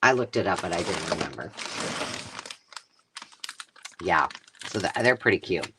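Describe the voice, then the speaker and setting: Rambling, animated live-stream crafter. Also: sits low, fairly quick, noisy background. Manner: rambling, self-interrupting storyteller. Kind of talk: casual chatty live stream.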